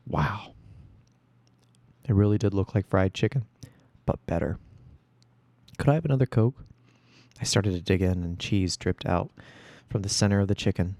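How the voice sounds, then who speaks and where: Man, gravelly low voice, mellow dark tone, first-person story narration. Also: no echo. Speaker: audiobook reader.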